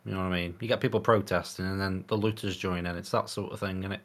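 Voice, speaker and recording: A deep-voiced man co-hosts a podcast in loose, rambling chat. He ends his points with tag questions and bursts into hearty laughter. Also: steady tone, fast, a bit bright. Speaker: podcast co-host.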